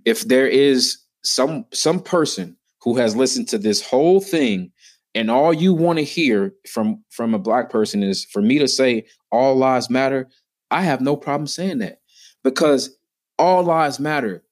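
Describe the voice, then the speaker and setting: A man's voice: medium pitch, animated, a little slow. A man in his thirties, a podcast guest sharing heartfelt personal stories in an earnest, emphatic way that rises with feeling.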